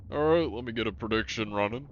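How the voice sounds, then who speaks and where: A man's voice: fairly low pitch, fast, highs cut off, a little hiss or hum. A man streaming a game live, chatting casually and reading out his chat, laid-back and chuckling.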